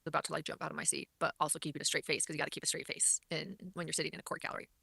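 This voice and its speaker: A woman's voice: low-pitched, flat delivery, rapid-fire, creaky, bright, forceful tone, husky, no room sound. A woman commentator recapping a court hearing in an earnest, repetitive way, often restarting her sentences. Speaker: online commentator.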